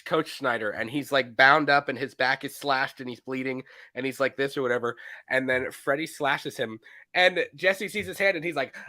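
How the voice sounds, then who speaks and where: Animated, bright-voiced male podcaster. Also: medium pitch, no echo. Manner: animated, acts out lines from scenes, laughs often. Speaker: podcast co-host. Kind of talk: casual movie podcast chat.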